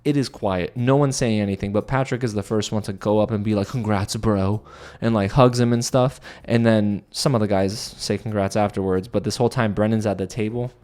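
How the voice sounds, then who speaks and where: A man giving a casual, opinionated recap of a reality TV episode. His voice leaps up high whenever he's incredulous. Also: fairly even intonation, fairly quick, darkish tone. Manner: chatty and opinionated, voice jumps high when incredulous.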